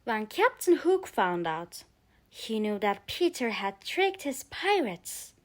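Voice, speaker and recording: Slow, high-voiced woman storyteller. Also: big pitch swings. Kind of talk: bedtime story reading for English learners.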